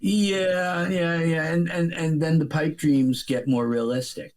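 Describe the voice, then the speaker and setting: A man on a podcast video call telling parables and jokes in a rambling, dramatic way, with long pauses. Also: on the high side, steady tone. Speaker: podcast guest. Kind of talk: casual conversation with storytelling.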